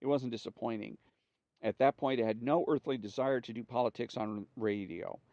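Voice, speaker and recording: A man's voice: mid-range voice, moderate pace, vocal fry, dark tone, dry recording. A man reading a magazine interview aloud in a plain voice, announcing each speaker before their lines. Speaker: reader. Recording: dry, slightly dull home recording.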